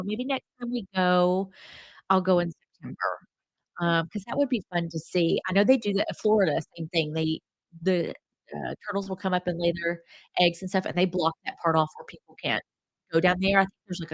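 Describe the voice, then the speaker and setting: A woman with a fairly low voice hosts a casual travel livestream, sounding a bit stuffy from a cold. She chats and rambles with lots of fillers, and the audio is poor though free of echo.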